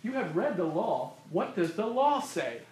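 A man preaching a sermon, emphatic and repeating phrases for stress, his voice going hoarse. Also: sits high, very animated, unhurried, darkish tone, slight background noise. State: losing his voice. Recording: roomy echo of a hall.

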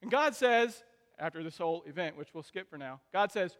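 Brief: high-pitched male preacher, dynamic sermon delivery, long hall reverb. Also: lively intonation, moderate pace. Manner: dynamic delivery, swings between soft asides and loud emphatic peaks.

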